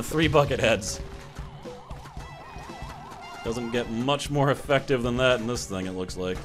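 A man hosting a let's-play, commenting sarcastically and excitably on his game. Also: mid-range voice, normal speed, faint music behind. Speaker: gaming channel host.

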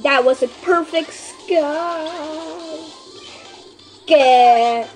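Female gaming host, wide-ranging voice, excitable play-by-play with frantic repeats. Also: high voice, faint music behind. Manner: excitable, panicky outbursts and shouted countdowns; repeats phrases rapidly under pressure. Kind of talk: live gameplay commentary.

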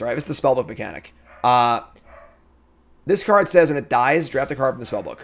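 A male streamer talks through a card game in casual commentary, his pitch swinging widely between murmured thinking and loud outbursts. He addresses his chat directly, mulling over plays before erupting with excitement. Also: fairly quick.

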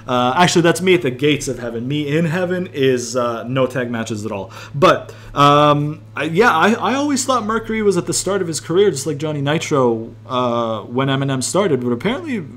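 A man's voice: on the high side, lively intonation, normal speed, hardly any pauses, a bit bright. A man giving casual, rambling gameplay commentary, thinking aloud and swearing freely. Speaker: gaming YouTuber.

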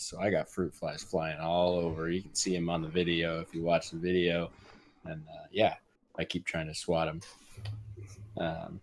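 A man's voice: low-pitched, slight background noise. A man co-hosting a podcast from his home office, chatting offhandedly and swearing casually. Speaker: podcast co-host. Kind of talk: casual chat.

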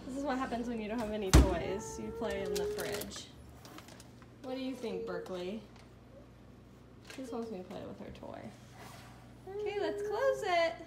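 Animated young woman in an echoey house. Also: very noisy. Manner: chatty, breaks into high excited calls to a toddler and dog. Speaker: vlogger. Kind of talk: casual home vlog. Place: parents' house, basement.

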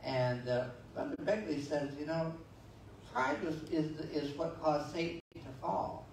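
Heard from a distance in an echoey sanctuary with slight background noise, this man speaks at a measured pace in a little high, darkish voice. He's a pastor giving a folksy, conversational sermon full of stories, scripture readings, restarts, and asides.

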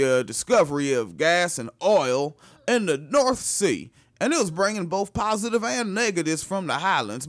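A man's voice: mid-range voice, a bit bright, no echo, close to an everyday voice. A man putting on a mock folksy Scottish-islander voice, reading in an exaggerated rustic drawl and tossing in made-up words.

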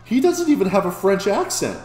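A man hosting a casual reaction video, excitable and often stammering and restarting mid-sentence. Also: sits high, a little fast. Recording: echoey room.

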